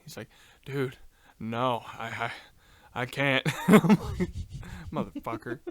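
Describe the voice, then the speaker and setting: A man co-hosts a laid-back podcast, spinning a long, meandering tale packed with ums, uhs and casual profanity. He speaks slowly in a mid-range voice.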